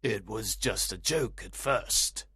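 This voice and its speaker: A man's voice: lowish voice, slow, pushed and bright, breathy edge, no room sound, clean studio sound, pitched above the performer's own voice, heavily acted. A man voicing a nervous, defensive middle-aged stepfather with a blustering, stammering manner in an audiobook reading. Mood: pleading. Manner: stiff, then blustering and stammering.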